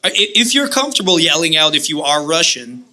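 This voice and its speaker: Bright-voiced man joking. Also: on the high side, sing-song, fairly quick. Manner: joking, crude banter. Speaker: podcast co-host. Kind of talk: casual comedic chat. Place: live show venue on stage.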